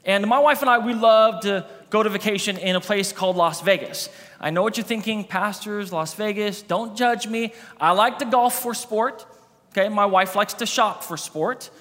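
Man in his thirties, pastor, high bright voice, long reverb of a big church hall. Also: normal speed. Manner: animated storyteller acting out dialogue. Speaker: campus pastor. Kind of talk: sermon with a comic personal story.

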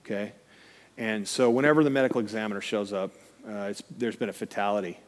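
A man's voice: fairly low pitch, fast. A middle-aged man, preaching as a guest speaker and acting out the voices in his stories. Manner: animated storytelling, acting out quoted voices. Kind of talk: sermon. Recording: long hall reverb.

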